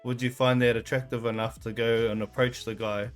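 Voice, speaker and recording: A man's voice: mid-range voice, flat delivery, brisk, soft background music. Laid-back man joking on camera. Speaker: reaction video host. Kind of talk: casual reaction chat.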